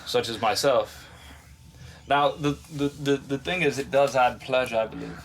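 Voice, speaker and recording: A man voicing a pompous, mock-refined British gentleman in a put-on British accent. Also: medium pitch, normal speed, gravelly, a little hiss or hum, lightly acted.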